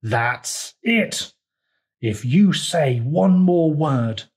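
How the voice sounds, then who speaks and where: A boastful storybook frog who takes offence easily, as a man reads him out. His voice jumps up high and loud, with a teasing, indignant bite. The pitch leaps around a great deal from one line to the next. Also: big pitch swings, slow, exaggerated voice. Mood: cross. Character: boastful, touchy male frog.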